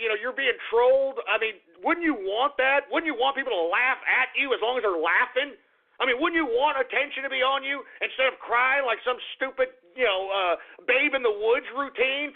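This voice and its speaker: High, gravelly ranting radio host man. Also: a little fast. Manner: ranting, crude and profane. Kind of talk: call-in radio rant. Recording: narrow phone-like radio audio.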